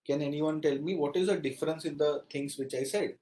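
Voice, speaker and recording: Indian man lecturing, slightly high voice. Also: brisk, warm tone, poor audio. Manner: explains with acted example phrases, switches into Hindi. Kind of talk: classroom lecture.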